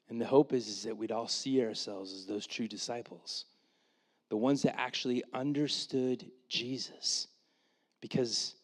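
A man preaching a sermon, retelling the story in a casual, animated way with quoted asides, then dropping to a quiet, earnest tone for his main points. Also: mid-range voice, moderate pace. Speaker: pastor.

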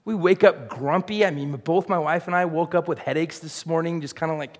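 A man's voice: a little high, a little fast, hardly any pauses. A middle-aged man, preaching a sermon in a casual, conversational way and putting questions to the congregation. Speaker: pastor.

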